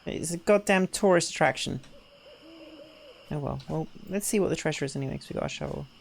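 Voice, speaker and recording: Chatty, gravelly-voiced game streamer. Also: female voice, low-pitched, fairly quick, a little mellow, a little hiss or hum. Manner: chatty, self-deprecating, talks to chat. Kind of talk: casual gameplay commentary.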